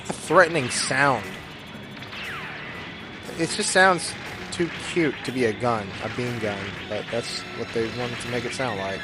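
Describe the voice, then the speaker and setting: A man giving rambling, jokey gameplay commentary, with sudden loud bursts of excitement. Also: mid-range voice, a little slow. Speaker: gaming YouTuber. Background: game music.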